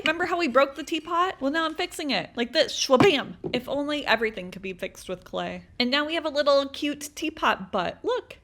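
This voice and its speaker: Brief: female craft host, slightly high voice, sassy and self-mocking chat. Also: fairly bright tone. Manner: playful, sassy, self-mocking asides with frequent laughs. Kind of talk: chatty voice-over for a crafting video.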